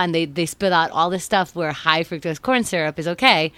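A chatty woman with a somewhat low voice, retelling stories and acting out what others said. She swears casually as she talks. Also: fairly quick, few pauses, fairly bright tone, smooth, dry recording. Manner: chatty storyteller, acts out quotes, swears. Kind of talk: casual chat.

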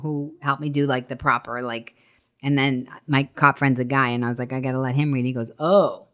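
A woman guest on a chat show, talking in a rapid, animated way, acting out quotes in her stories. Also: very deep voice, clean tone. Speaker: comedian guest. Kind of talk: casual chat.

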